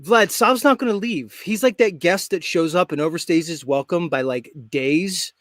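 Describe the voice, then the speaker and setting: A man's voice: sits high, moderate pace, a bit bright, no room sound, clean studio sound. A man hosting a live stream show, talking in a brash, joking, rambling way. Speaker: host. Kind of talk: casual live stream chat.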